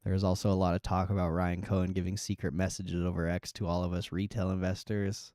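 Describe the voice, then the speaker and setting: Laid-back, swearing, low-voiced man. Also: level tone, brisk, mellow, no room sound, studio quality. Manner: laid-back, swears a lot, laughs often. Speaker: livestream host. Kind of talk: casual livestream chat reading comments.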